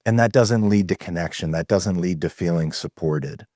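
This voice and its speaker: Deep-voiced man telling stories on a call. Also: normal speed, dark tone, no echo, studio quality. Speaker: guest, men's community founder. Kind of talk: conversational storytelling. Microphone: video call.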